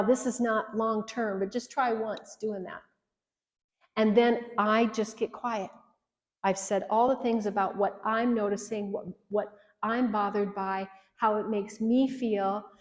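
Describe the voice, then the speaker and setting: Earnest woman teaching in an echoey hall. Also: medium pitch. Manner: earnest, coaching, direct challenges to listeners. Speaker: marriage workshop presenter. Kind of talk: workshop teaching.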